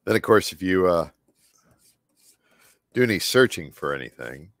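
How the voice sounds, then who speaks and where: Guy with a deep scratchy voice rambling while he paints live, mutters to himself, dry close sound. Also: big pitch swings, normal speed, fairly bright tone, dry recording. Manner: muttering to himself, trailing off and restarting. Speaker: artist hosting a live painting stream.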